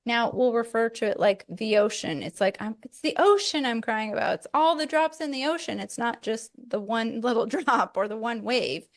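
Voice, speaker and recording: A woman's voice: on the high side, expressive, moderate pace, few pauses. A middle-aged woman hosting a podcast, talking candidly and reflectively in casual chat, with light laughs now and then. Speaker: podcast host.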